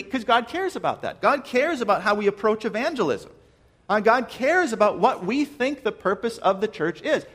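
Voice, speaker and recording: A pastor preaching a sermon to his church, earnest and measured, asking his listeners questions. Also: high voice.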